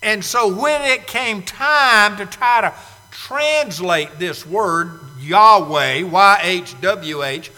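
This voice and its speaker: A male preacher delivering an emphatic sermon with dramatic pauses and loud bursts. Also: high-pitched, animated. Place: church sanctuary. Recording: long reverb of a large hall.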